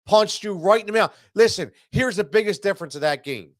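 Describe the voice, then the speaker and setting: A man's voice: sits high, expressive, brisk, dry recording, clean studio sound. A man hosting a sports show, ranting after a loss, stammering and repeating himself, stuffy from allergies. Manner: heated, repetitive, stammering restarts. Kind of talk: frustrated postgame rant.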